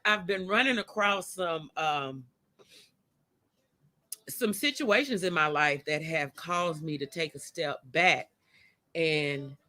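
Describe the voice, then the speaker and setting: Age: adult. Sex: woman. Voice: bright, forceful. Style: chatty livestream host. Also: low voice. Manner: chatty, greets viewers by name; emotional. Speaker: host of a live chat show. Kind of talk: casual livestream chat. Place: outdoors by a motion-sensor light.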